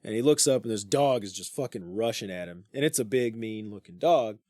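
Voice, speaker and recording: A man's voice: on the low side, lively intonation, a little fast, darkish tone, dry recording, studio quality. A man co-hosting a book podcast, casually retelling a myth in a rambling, profane way with plenty of fillers. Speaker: podcast host. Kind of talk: casual storytelling.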